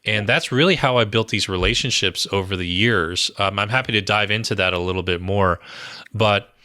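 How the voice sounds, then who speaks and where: A man with a low, bright voice talks through his experience in a podcast interview. He tells stories in a lively way and fills his talk with "you know" and "um". The mic is close and the sound is dry, with no room around him. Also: normal speed, no room sound. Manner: animated storyteller, fillers like "you know" and "um". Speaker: guest, brand strategist and author.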